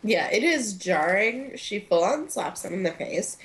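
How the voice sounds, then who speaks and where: A woman's voice: mid-range voice, very animated, a little slow. A young woman co-hosting a podcast, chatting casually as she recaps a TV episode, with lots of fillers and acted-out quotes. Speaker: podcast co-host.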